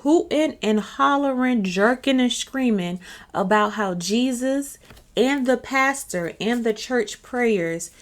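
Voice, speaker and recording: A woman hosting her own channel, telling a story in a chatty, casual way and often checking in with her listener. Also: on the high side. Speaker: channel host.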